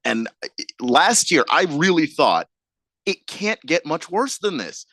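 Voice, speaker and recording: A man's voice: a little high, sing-song, unhurried, pushed and bright, dry recording, studio quality. Wry male sports radio co-host. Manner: wry, joking, laughs often. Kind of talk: casual sports talk.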